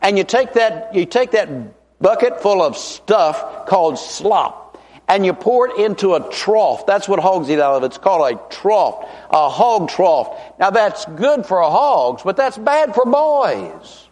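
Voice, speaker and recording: A man's voice: high voice, very animated, a little mellow. A middle-aged man, preaching a revival sermon as an evangelist in a folksy, emphatic way, stretching out key words. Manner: folksy, emphatic, drawn-out stresses. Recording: long reverb of a large hall.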